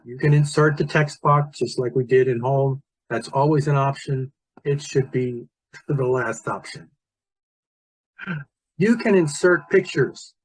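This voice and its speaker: A man walking teachers through presentation software in a screen-recorded tutorial, talking loosely and thinking aloud as he clicks. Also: medium pitch, slightly rough, dry recording, low-quality recording. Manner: relaxed, thinking aloud with fillers and restarts. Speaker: teacher trainer.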